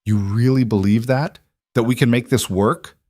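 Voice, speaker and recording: A man doing a soft, tearful woman executive. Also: mid-range voice, steady tone, normal speed, no echo, studio quality, lightly acted. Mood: tender. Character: emotional young woman executive, vulnerable.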